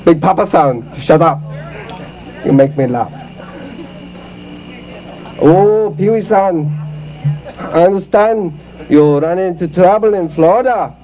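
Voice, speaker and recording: A man's voice: high voice, expressive, takes it slowly, long pauses, slight background noise. A man playing a boastful comic kung fu ventriloquist who speaks in broken English and teases his dummy, recorded on dull lo-fi tape at an outdoor party. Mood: teasing. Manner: broken English, teasing, chuckling.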